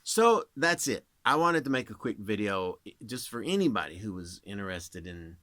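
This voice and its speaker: A man in his thirties rambles casually to camera, explaining voice tricks as a working voice actor. His pitch swings widely as he talks. The recording is close and dry. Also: very animated, normal speed, bright, forceful tone, no echo.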